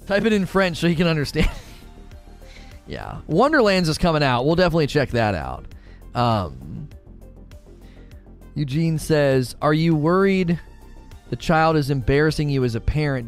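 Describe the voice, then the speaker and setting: A man's voice: fairly high pitch, sing-song, normal speed, pauses often, soft background music. A man in his thirties, a father, giving blunt opinions in casual chat while answering questions, often restarting his sentences.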